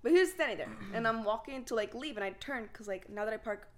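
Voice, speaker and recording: A young woman co-hosting a casual podcast, talking quickly in a voice a touch higher than most. She tells her stories in an animated, chatty way, with lots of back-and-forth with her friend. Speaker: podcast co-host. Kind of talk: casual chat.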